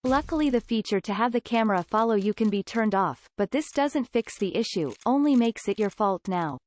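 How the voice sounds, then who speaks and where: A woman's voice: on the high side, animated, brisk, a little mellow, a little hiss or hum. A woman narrating a scripted video game review with a dry, sardonic delivery.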